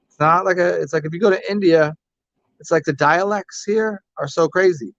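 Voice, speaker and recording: A man's voice: high voice, normal speed, dry recording. Man, American, casual livestream chat, swears a lot, rambles, dry muffled lo-fi sound. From United States. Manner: profane, joking, rambling with many restarts. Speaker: livestream host reading chat. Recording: dry, dull lo-fi stream audio.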